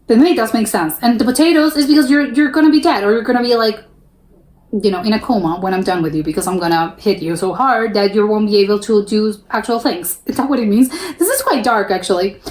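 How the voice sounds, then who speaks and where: A woman's voice: fairly high pitch, darkish tone, roomy sound. A young woman from the United States hosts a reaction video, thinking aloud in casual commentary with many fillers and restarts. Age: young adult.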